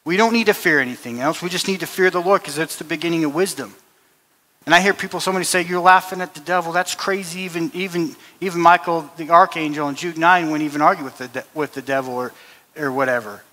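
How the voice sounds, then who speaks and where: A man preaches a sermon in a church hall, earnestly telling a personal story with frequent restarts and repetitions. His voice is a little high and sharp, his pace quick, and the recording has a long hall reverb.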